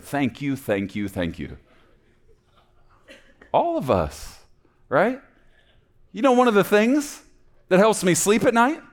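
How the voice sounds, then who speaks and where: A man preaching a sermon in a church, playful, swinging between loud emphasis and hushed asides. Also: medium pitch. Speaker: pastor.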